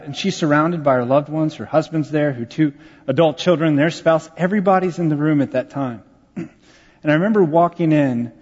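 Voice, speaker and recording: A man's voice: fairly high pitch, darkish tone, in a large hall, dull audio. A man, a pastor telling a personal story in a conversational, self-deprecating sermon. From Texas, USA.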